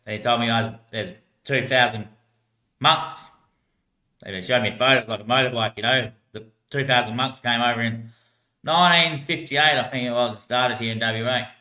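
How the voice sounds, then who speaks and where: Rambling Australian man, bright edge. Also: medium pitch, normal speed, echoey room. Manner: rambling, laughs often, drops his voice at the ends of lines. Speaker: homeless man telling stories. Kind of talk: rambling casual storytelling.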